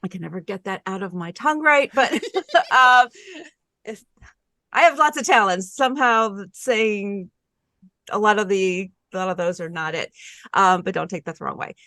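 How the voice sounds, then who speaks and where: A woman's voice: medium pitch, moderate pace, pushed and bright, no room sound. A woman casually introducing herself on a podcast, rambling and laughing at herself. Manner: rambling, self-deprecating, laughing often. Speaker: podcast guest player.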